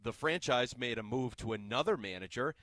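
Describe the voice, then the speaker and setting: A man's voice: mid-range voice, lively intonation, brisk, fairly bright tone, no room sound. A man co-hosting sports talk radio, full of sarcastic, teasing asides. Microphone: studio microphone.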